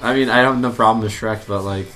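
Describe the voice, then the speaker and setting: A man's voice: fairly low pitch, fairly even intonation, fast, fairly bright tone. A man co-hosting a casual comedy chat and reacting to his friend's stories. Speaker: podcast co-host.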